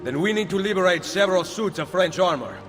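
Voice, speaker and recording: A cool, cunning assassin, voiced by a man, measured and confident. He sits a little above the usual male pitch. A long reverb trails his words, with faint music behind. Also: lightly acted. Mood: scheming.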